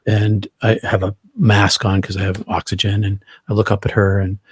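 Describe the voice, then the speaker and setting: Middle-aged male guest, husky and lowish, earnest vivid storyteller who restarts his phrases. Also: level tone, moderate pace, dry recording, studio quality. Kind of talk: personal storytelling in an interview.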